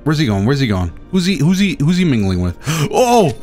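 A man streaming a game, commentating with excitement, often gasping and shouting at the creatures on screen. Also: medium pitch, quick pace, soft background music. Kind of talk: excited let's-play commentary.

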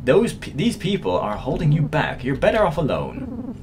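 A man's voice: on the high side, wildly swooping pitch, moderate pace. A man voicing a cold, mocking villain.

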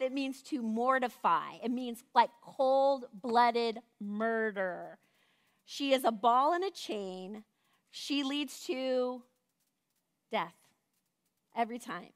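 A woman's voice: on the high side, expressive, slow pace. A woman teaching a women's Bible study in a casual, conversational way, often checking in with "right?".

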